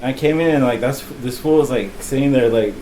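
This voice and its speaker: Over a noisy crowd and through a low-quality recording, a young man with a mid-range voice talks at a quick pace. Hosting a podcast, he tells a meandering, foul-mouthed story filled with laughter and "bro."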